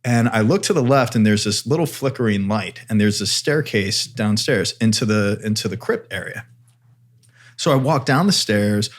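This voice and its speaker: A man co-hosting a podcast, telling a story in a casual chat and acting out the voices of people in it. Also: on the low side. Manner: animated storyteller, acts out voices. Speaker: podcast co-host.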